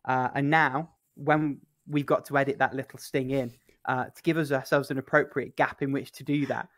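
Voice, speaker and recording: Dude cohost on a gaming podcast, steady mid voice, dry little jokes, easygoing. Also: male voice, medium pitch, moderate pace. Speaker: podcast co-host. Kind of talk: casual chat.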